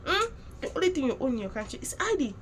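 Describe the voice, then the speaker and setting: A woman with a Nigerian accent giving heated, indignant reaction commentary, often rising into loud emphatic outbursts. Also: high voice, big pitch swings, quick pace.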